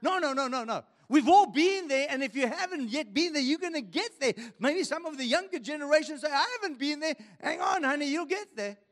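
A male pastor preaching in a strikingly high, animated voice. He works through scripture at an unhurried pace and keeps asking his listeners questions. The sound carries a long reverb, like a large church hall. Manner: preaching with rhetorical questions to the congregation. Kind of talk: sermon.

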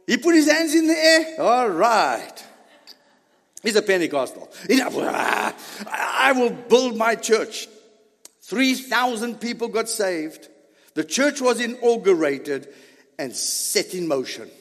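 A high-voiced male pastor preaching slowly and deliberately, his pitch swinging widely as he asks questions and answers them. At its peaks the sermon builds to shouts. His voice carries a long reverb from a large church hall. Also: very animated. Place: church sanctuary.

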